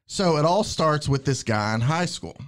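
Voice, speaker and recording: A man's voice: a little high, expressive, normal speed. A man hosting a podcast in casual chat, telling a comic book story step by step. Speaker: podcast host.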